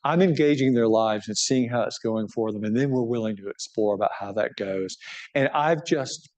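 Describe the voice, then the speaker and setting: In this book talk with questions from the audience, a middle-aged bishop discusses his book in a relaxed, animated way. His voice sits at medium pitch and moves at a moderate pace, and he keeps restarting and checking in with listeners by asking "right?"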